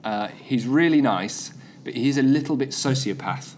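A man's voice: medium pitch, expressive, normal speed, slight background noise. Rambling, playful man. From England. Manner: playful, rambling storyteller who jokes through tangents. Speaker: podcast co-host. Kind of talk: casual chat.

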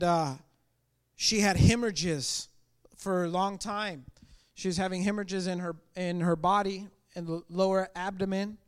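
Male missionary preacher, high voice, impassioned testimony sermon. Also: clear, resonant tone. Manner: impassioned, earnest, swings from loud declarations to quiet asides.

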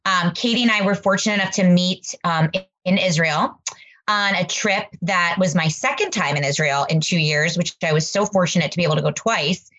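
A woman's voice: fairly low pitch, fairly quick, fairly bright tone. A woman co-hosting a podcast, telling stories in a gushing, rambling way. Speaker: podcast co-host. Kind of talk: casual interview chat. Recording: slightly dull lo-fi audio.

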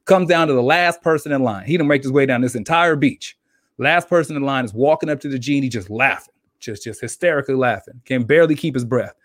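A man in casual podcast chat, spinning a long joke and slipping into voices for each character. His voice sits at an ordinary pitch. The sound is dry and close. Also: fast, no echo. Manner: animated storyteller acting out characters. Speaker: podcast co-host.

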